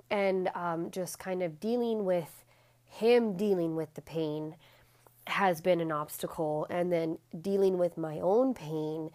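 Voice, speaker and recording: A woman hosting her own podcast in a casual solo chat, with a raspy, stuffy-nosed voice, rambling with lots of ums and restarts. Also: fairly low pitch, a little mellow. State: out of breath at times. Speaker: podcast host.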